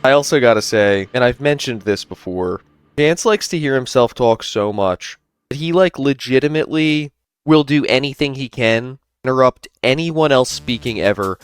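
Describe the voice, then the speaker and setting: A streamer reacting to a call recording with animated, amused commentary, close to the mic. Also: male voice, medium pitch, moderate pace, clean tone, dry recording.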